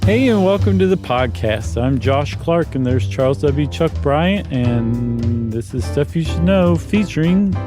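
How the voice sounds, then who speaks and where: A man's voice: fairly high pitch, animated, measured pace, hardly any pauses, music in the background. A middle-aged man co-hosting a podcast, chatting casually with self-mocking jokes. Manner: joking, self-mocking banter. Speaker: podcast co-host. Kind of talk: casual chat.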